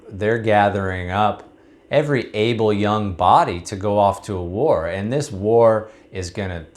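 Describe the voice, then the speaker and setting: A man with a low voice, speaking casually to camera as a recovery coach. He tells a story in a relaxed, conversational way and then draws out its lesson.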